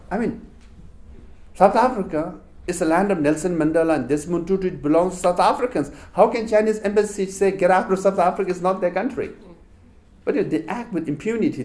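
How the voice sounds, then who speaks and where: A middle-aged man with a Tibetan accent, giving a public talk to a university audience and telling stories with rhetorical questions. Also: on the high side. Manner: animated storytelling with rhetorical questions. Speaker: public speaker.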